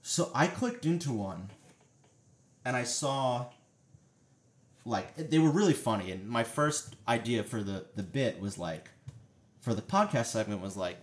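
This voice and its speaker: A man's voice: on the low side, lively intonation, moderate pace. A man hosting a podcast, chatting casually and telling a story with energy. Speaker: podcast host. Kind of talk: casual chat.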